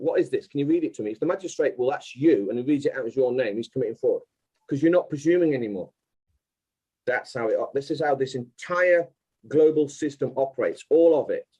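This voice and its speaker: A man's voice: medium pitch, dark tone, slightly rough, low-quality recording. A man speaking as an interview guest, explaining insistently and step by step.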